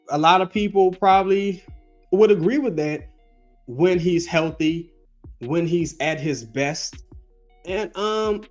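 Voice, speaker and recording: A New man hosting a sports podcast, voice a bit higher than most men's, ranting with loose profanity and rambling asides. Faint music plays under him. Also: darkish tone. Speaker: podcast host. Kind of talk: casual sports rant.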